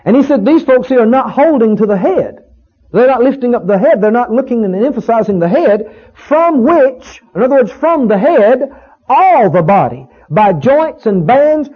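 A man with a very high, breathy voice delivers a sermon, his pitch swinging widely as he presses repeated words home. The recording is muffled and lo-fi, captured in a church. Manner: emphatic, repeats key words, rising on exclamations. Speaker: preacher. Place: church sanctuary.

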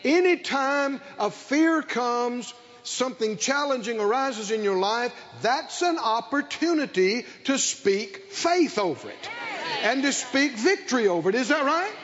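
An older man preaching a sermon, calling for responses from the congregation and building to shouted emphasis on a dull lo-fi recording. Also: extremely high pitch, expressive, unhurried. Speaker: pastor.

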